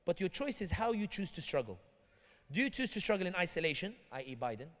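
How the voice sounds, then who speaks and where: British-accented man, from Tunisia, rapid and animated delivery, higher-pitched voice, long hall reverb, acts out characters in his anecdotes. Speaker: guest speaker. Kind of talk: community talk with humorous anecdotes. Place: large hall at an Islamic center.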